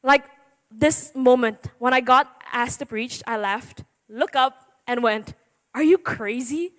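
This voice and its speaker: In a fairly high, bright voice with fairly even intonation, a seventeen-year-old girl slowly works through a youth sermon. She's nervous and jittery, giggling and making self-deprecating jokes, and the church hall gives the recording reverb.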